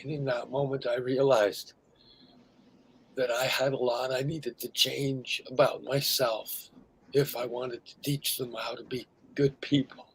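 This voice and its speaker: A man's voice: mid-range voice, little pitch movement, unhurried, slight background noise, poor audio. A middle-aged man co-hosting a podcast, telling a painful memory candidly and dropping almost to a whisper at the heaviest moments. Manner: emotional storytelling, drops to a near whisper at heavy moments. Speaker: podcast co-host. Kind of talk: candid conversation.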